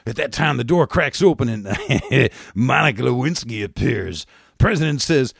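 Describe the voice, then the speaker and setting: Gravelly sardonic male talk host. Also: mid-range voice, expressive, normal speed, dry recording, studio quality. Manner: sardonic, mocking asides. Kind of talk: satirical radio commentary.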